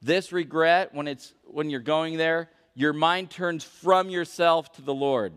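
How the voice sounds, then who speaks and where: A man preaching a sermon as pastor, questioning the congregation and swinging between loud emphasis and hushed intensity. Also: on the high side, measured pace, clean tone. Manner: questions the congregation and calls for answers. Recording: long reverb of a large hall.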